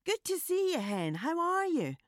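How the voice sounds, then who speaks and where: A woman voicing a blunt, streetwise, friendly woman in a read-aloud story; the voice is high, bright and loud. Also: big pitch swings, normal speed, no room sound, clean studio sound. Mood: cheery.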